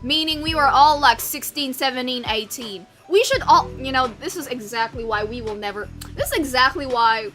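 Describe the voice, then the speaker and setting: A woman's voice: high voice, moderate pace, hardly any pauses, a bit bright, soft background music. A young woman streamer from the United States chatting casually with her live chat, bubbly, rambling and swearing as she mocks herself.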